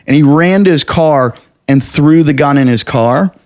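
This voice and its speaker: A man telling a story in casual podcast chat, animated and profane, acting out what people said. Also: on the high side, moderate pace. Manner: animated, profane, acts out quotes. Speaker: podcast host.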